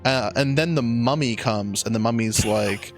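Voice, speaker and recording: A young man improvising a silly story on a podcast, rambling and excitable with plenty of swearing. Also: mid-range voice, normal speed, faint music behind. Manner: rambling, excitable, swears a lot, many restarts.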